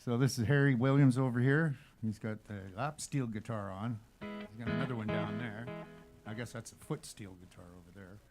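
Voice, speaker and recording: A man's voice: medium pitch, fairly even intonation, moderate pace. Easygoing man introducing his band. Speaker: band leader. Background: guitar music.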